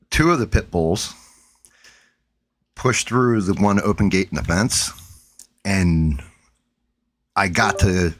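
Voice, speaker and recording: A man streaming from home, telling a long story in a rambling, profane way, with frequent restarts. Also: low-pitched. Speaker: stream host. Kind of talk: casual storytelling chat.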